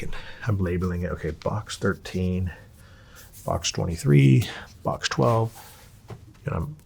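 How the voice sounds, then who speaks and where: A man telling his story in a candid interview, profane and animated, acting out the people he quotes. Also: deep voice, creaky, a little hiss or hum.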